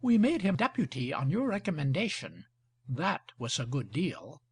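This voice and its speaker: A man's voice: a little high, sing-song, normal speed, husky, exaggerated voice. A man reading the part of an aristocratic baroness who makes dry, skeptical remarks. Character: sharp-tongued aristocratic baroness, woman.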